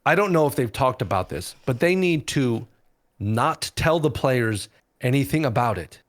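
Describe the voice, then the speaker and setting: A man's voice: mid-range voice, expressive, moderate pace. A man guesting on a casual podcast, blunt and sarcastic, swearing freely.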